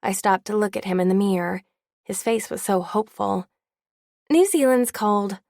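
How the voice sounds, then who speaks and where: A woman's voice: mid-range voice, flat delivery, a little fast, vocal fry, darkish tone, no echo, studio quality. A woman narrating an audiobook in the first person with a wry, candid tone.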